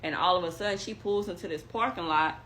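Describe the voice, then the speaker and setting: A young woman telling a story in casual chat, animated and acting out what others said. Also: fairly low pitch, fast, a little hiss or hum. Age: young adult.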